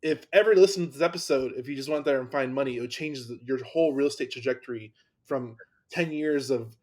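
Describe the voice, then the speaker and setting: A man's voice: mid-range voice, fast talker, a little mellow. A man in a mid-range voice hosts a casual podcast chat. He sounds enthusiastic and keeps restarting his sentences as he talks. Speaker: podcast host.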